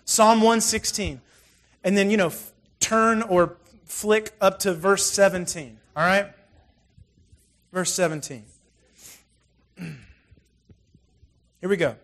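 A middle-aged man preaches from the front of a church, casual and animated, with plenty of asides and stories. His speaking voice sits high for a man. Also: takes it slowly, long pauses. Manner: conversational, animated storytelling with frequent asides. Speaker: pastor. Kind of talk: sermon.

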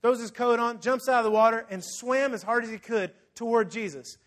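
A male pastor with an extremely high voice preaches fairly quickly, telling the story vividly. He acts out scenes and speaks directly to his congregation.

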